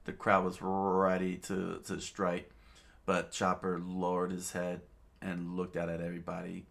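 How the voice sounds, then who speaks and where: A man narrating a manga aloud, halting and restarting often. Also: low voice, monotone, creaky, fairly bright tone. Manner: halting, many fillers and restarts. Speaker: reader, narrator. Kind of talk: unscripted manga read-aloud.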